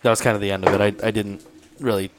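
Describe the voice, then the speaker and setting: A man's voice: fairly low pitch, level tone, very fast, background noise. A man hosting a casual podcast chat in a studio, telling a story and often laughing as he acts out what people said. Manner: laughing storyteller acting out quoted voices. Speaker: podcast host.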